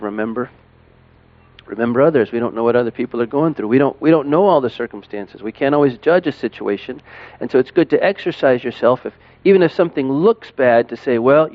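A middle-aged man, a parent, talking casually and haltingly, with lots of fillers and restarts. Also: medium pitch, no echo, muffled recording. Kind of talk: casual monologue to camera.

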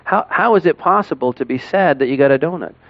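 A middle-aged man, a parent, talking casually and haltingly, with lots of fillers and restarts. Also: on the high side, lively intonation, dry recording, highs cut off. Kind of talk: casual monologue to camera.

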